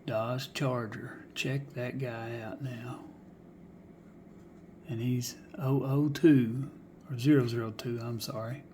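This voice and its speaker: This mid-range, darkish male voice moves slowly with fairly even intonation, and a little hiss or hum sits underneath. He's a collector presenting die-cast cars in a relaxed vlog, thinking out loud in a folksy way and frequently slipping into a whisper.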